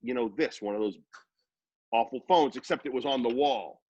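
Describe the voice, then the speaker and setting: A man in his fifties from Worcester, Massachusetts, a radio personality telling rambling, animated anecdotes in a casual interview. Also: mid-range voice, moderate pace, no room sound, highs cut off. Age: 50s.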